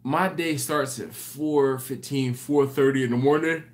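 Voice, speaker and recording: Tired, slow-talking man hosting a live chat. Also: medium pitch, steady tone. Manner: rambling, self-correcting, apologetic. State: tired, yawning late at night. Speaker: live stream host. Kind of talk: casual live chat reading viewer comments.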